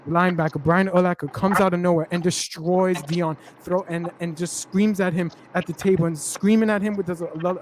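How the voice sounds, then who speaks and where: High-voiced man rambling about football. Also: slight background noise. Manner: rambling, animated storytelling with slang. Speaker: podcast host. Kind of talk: casual sports chat.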